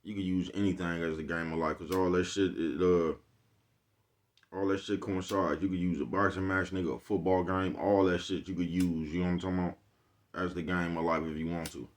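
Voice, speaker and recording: In a casual motivational monologue, a vlogger with a very deep voice rambles through life lessons, cursing and using street slang while asking viewers "you know what I'm talking about." He talks fairly quickly with fairly even intonation.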